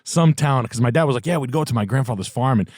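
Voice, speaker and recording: A man's voice: mid-range voice, fast talker, darkish tone, dry recording. A man hosting a podcast, telling crude, rambling stories full of vulgar jokes into a studio mic. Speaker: podcast host. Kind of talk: casual podcast chat. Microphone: studio podcast mic on an arm.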